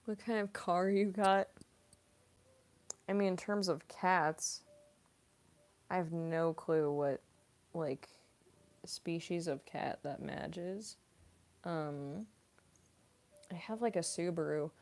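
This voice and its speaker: Slow, mellow-voiced young woman streamer. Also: lowish voice. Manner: chatty and giggly, coos at her cat. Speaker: voice actress streaming. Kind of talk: casual live-stream chat.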